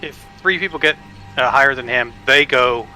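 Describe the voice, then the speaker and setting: A man's voice: mid-range voice, moderate pace, bright, forceful tone, soft background music. A man playing a tabletop game who asks bluntly about the rules and chats casually. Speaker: player.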